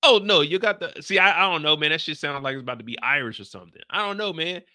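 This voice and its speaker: An American-accented man hosting a show recap goes over a TV episode in casual, slangy chat, reading viewer questions aloud and reacting playfully. His voice is fairly high, lively in intonation, racing, pushed and bright. The recording is dry and studio quality.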